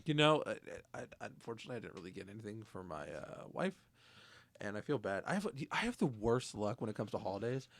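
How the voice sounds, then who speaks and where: A young man co-hosting a comedic podcast, talking in animated, exaggerated bursts. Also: lowish voice, fairly quick, gravelly, dry recording. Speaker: podcast co-host. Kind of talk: casual comedic chat. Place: small home studio.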